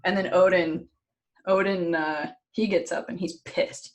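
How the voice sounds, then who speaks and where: A woman co-hosting a podcast in casual chat, telling a story in an animated, giggly way and swearing freely. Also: fairly low pitch, a little slow. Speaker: podcast co-host.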